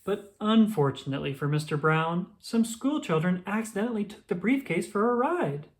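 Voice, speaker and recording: A woman reading a children's picture book aloud, expressive and slow. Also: mid-range voice. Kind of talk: storybook read-aloud.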